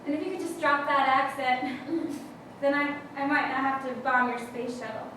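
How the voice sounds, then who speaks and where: Woman playing a sugary spy mom, very high voice, fumbly and giggly, far off in a big echoey room. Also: steady tone, moderate pace, a bit bright, slight background noise. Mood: scheming. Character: scheming mother who is a German spy. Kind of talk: live improv comedy scene.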